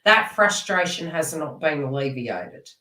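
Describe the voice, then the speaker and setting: A woman with a lowish voice gives a live card reading in an earnest, rambling way, calling out to viewers by name. Her voice sits a little way off the mic. It echoes around the room. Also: sing-song, a little slow, sharp tone, recorded from a distance. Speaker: psychic card reader.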